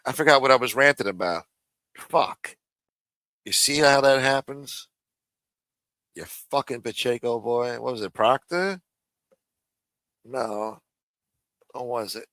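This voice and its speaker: A man hosts a live show and rants with profanity and sarcasm. His voice is bright and forceful. The sound is dry and close. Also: medium pitch, lively intonation, takes it slowly, pauses often, dry recording. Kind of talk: profane live-stream rant.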